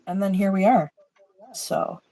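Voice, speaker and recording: A woman's voice: medium pitch, steady tone, measured pace, warm tone, low-quality recording. Heartfelt woman chatting while painting. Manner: emotional, heartfelt, swears casually. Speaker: co-host of an art stream. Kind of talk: casual chat while painting.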